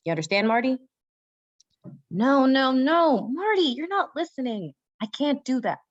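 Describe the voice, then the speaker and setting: A woman's voice: high voice, big pitch swings, no room sound, full character voice. A woman voicing a brash, boastful young man who talks in a bossy way, in an amateur comedic audio drama. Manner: bossy, fast-talking bragging. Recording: dull dry lo-fi mic.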